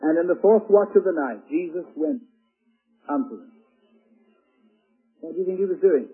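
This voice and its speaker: A man preaching a sermon with dramatic swings between hushed and loud delivery. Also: high-pitched, fast, slightly rough, soft background music. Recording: tinny lo-fi radio broadcast.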